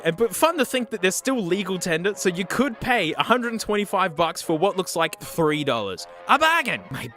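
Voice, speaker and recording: A man from South Australia with an Australian accent, narrating a comedic thrift-store vlog in an excitable, joking way. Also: high voice. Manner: excitable, joking, peppered with "mate". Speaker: vlogger.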